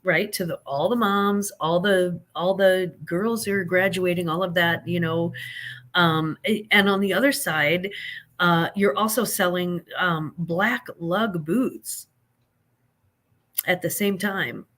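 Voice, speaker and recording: Fifties woman hosting a laid-back live chat, folksy and talkative, pitched a bit low. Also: slow, fairly bright tone. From American Midwest. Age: 50s. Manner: chatty, greets viewers by name, folksy. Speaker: livestream host. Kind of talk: casual live chat with viewers.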